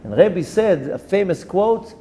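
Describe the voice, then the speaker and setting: A man, a rabbi giving a Torah lesson, telling a story with animated delivery, dropping in Hebrew terms and restarting his sentences. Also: high voice, a little slow, a little hiss or hum. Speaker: rabbi teaching a Torah class.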